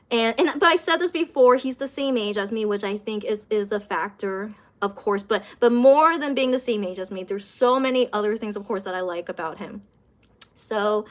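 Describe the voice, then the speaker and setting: Chatty young woman live-streaming. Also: a little high. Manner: chatty, repeats words, laughs often, reads viewer comments aloud. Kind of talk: casual live-stream chat.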